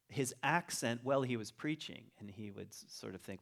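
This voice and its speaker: Middle-aged male speaker, mid-pitched, easygoing storyteller, loose conversational delivery, talk to a congregation. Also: moderate pace, gravelly, few pauses. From Virginia. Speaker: teacher giving a talk.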